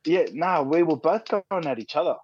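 A man's voice: on the high side, moderate pace, a little mellow, breathy edge, no echo. An Australian man in his thirties, a podcast guest telling stories in casual chat, laid-back and full of fillers, swearing freely. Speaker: podcast guest, rugby league player. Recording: dull, dry sound.

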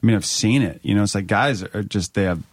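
A man's voice: lowish voice, fast, breathy edge, no echo. A man hosting a casual conversation, easygoing and often laughing. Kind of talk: casual chat.

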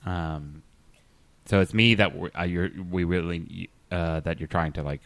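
A male podcast host doing improv comedy, hesitant and halting in his talk. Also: low-pitched, fairly even intonation, gravelly, a bit bright, no echo.

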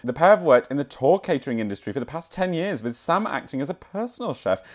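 A woman reads out local news stories in a loose, giggly way, and her pitch swings widely as she goes. She keeps slipping in playful asides and jokes as she reads. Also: sing-song, fast. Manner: giggly, breaks into put-on voices and playful asides. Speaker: podcast co-host. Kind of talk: casual chat, reading news stories aloud.

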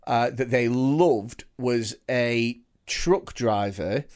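A man's voice: mid-range voice, very slow, a little mellow. A man co-hosting a comedy podcast, telling a rambling story in casual chat with many restarts. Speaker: podcast co-host.

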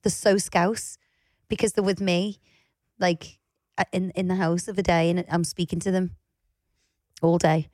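A woman's voice: on the low side, little pitch movement, measured pace, darkish tone, dry recording, studio quality. A woman in her thirties with a Liverpool accent, co-hosting a casual podcast chat in a playful, teasing way, often laughing. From Liverpool, England. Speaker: podcast co-host.

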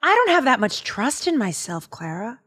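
A woman co-hosting a podcast, retelling a Bible story in casual chat, animated and slangy, acting out the dialogue. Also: a little high, normal speed, husky. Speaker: podcast co-host.

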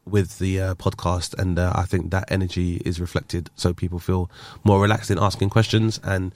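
A man's voice: deep voice, level tone, moderate pace, no echo. A man, hosting a podcast and telling stories in casual chat. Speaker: podcast host.

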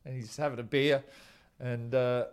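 A man's voice: medium pitch, flat delivery, normal speed, clear, resonant tone. A man, a former cricketer who tells rambling, chuckling stories about an old teammate in a casual interview.

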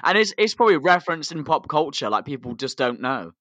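Bloke co-hosting a podcast, bright lively voice, dry close sound. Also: male voice, on the high side, fast talker, no room sound. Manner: lively, swears, trails off quietly. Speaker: podcast co-host. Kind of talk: casual chat.

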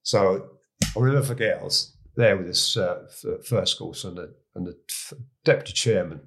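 A man in his sixties with an English accent, telling stories as a guest in a relaxed, chatty way. His voice sits a bit low, and he stumbles, restarts and chuckles at his own tales. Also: normal speed, gravelly. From England. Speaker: guest, retired police chief. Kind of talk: casual anecdotal storytelling.

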